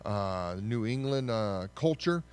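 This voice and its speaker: A man giving a casual, conversational history lesson, often pausing to correct himself. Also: fairly low pitch, expressive, clean tone. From United States. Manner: conversational, with frequent fillers and self-corrections. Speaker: history teacher.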